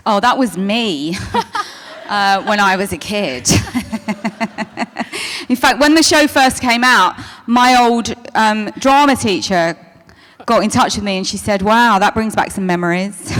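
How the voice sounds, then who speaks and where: A woman's voice: medium pitch, slow pace, fairly bright tone. A woman answering fan questions at a convention, chatty, stopping and restarting, calling people darling. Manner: chatty, self-interrupting, calls people darling. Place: convention hall stage. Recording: long hall reverb.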